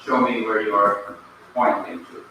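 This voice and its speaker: Slow-talking male teacher in an echoey classroom. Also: lowish voice, noisy background. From Jamaica. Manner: slow, patient, repeats key points. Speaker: Bible language teacher. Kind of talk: classroom lecture. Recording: echoey classroom, mic at a distance.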